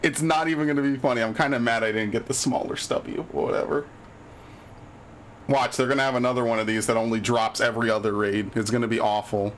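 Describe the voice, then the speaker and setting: A man's voice: on the low side, little pitch movement, brisk, slight background noise. A man live-streaming a video game, chatting casually and swearing often as he gets annoyed at the game. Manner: profane, easily annoyed, grumbling. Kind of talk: live gaming stream chat.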